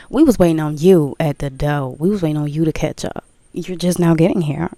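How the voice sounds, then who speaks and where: A woman's voice: low-pitched, moderate pace, warm tone, dry recording. A woman talking candidly to her viewers about her spiritual path, emphatic, repeating phrases, swearing and laughing. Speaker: spiritual vlogger. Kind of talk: casual spiritual talk to viewers.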